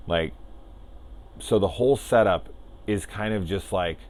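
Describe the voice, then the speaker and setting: A man's voice: sits low, unhurried, darkish tone. A man casually rambling through a spoiler discussion of a film as a reviewer, enthusiastic and swearing freely.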